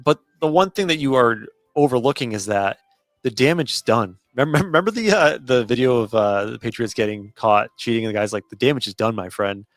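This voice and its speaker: A man's voice: medium pitch, lively intonation, fairly quick, no echo. A man co-hosting a casual sports podcast, confident and teasing. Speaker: podcast co-host.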